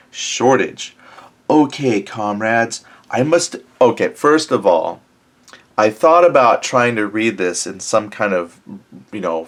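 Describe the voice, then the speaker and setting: A man hosting a tabletop game let's-play, chatting casually and thinking aloud, often correcting himself, with wry self-deprecating asides. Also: on the low side.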